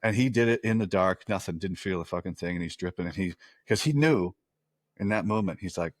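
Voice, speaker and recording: A middle-aged man and former soldier, casually telling profane, animated stories as a podcast guest. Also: deep voice, fairly quick, dry recording, clean studio sound. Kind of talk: casual storytelling.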